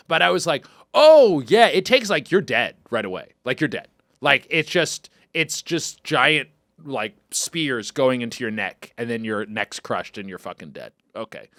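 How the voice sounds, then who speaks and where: A man hosting a comedy podcast, riffing in excitable, profane casual commentary. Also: mid-range voice, no echo, studio quality. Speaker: podcast host.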